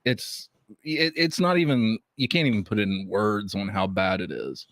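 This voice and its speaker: A man's voice: on the low side, animated, normal speed, a bit bright, no room sound. A man who is a guest on a casual podcast, chatting easily and pushing back earnestly on the host. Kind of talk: casual chat.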